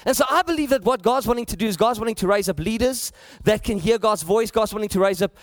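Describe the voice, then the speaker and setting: A South African pastor delivering a sermon in a notably high voice for a man, building his points with repetition and rising emphasis. The sound is dry and close, with almost no room echo. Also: quick pace. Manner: preaching with rising emphasis and repeated phrases.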